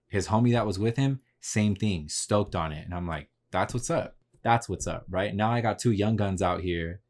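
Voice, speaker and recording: A man hosting a podcast, telling a story in a casual, slangy, profane way and replaying his own conversations. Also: deep voice. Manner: laid-back, slangy and profane, retelling conversations. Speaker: podcast host.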